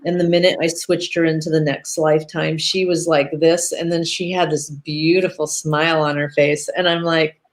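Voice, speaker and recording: Low-voiced chatty woman host. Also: level tone, moderate pace, hardly any pauses. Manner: chatty, rambling, with many restarts and fillers. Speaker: host and hypnotherapist. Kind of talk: casual chat on a live video stream.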